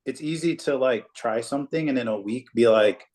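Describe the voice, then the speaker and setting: A man's voice: mid-range voice, brisk, darkish tone. A man who coaches entrepreneurs, offering advice on a call in a hesitant way with many restarts. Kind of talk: casual chat on a coaching call.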